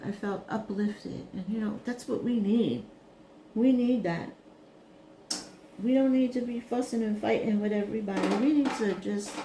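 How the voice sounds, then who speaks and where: A woman from Brooklyn, talking casually as a craft vlogger, reminiscing and then turning animated. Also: medium pitch, roomy sound, a little hiss or hum. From Brooklyn, New York. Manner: chatty, reminiscing, rises to animated scolding. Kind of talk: casual monologue while crafting.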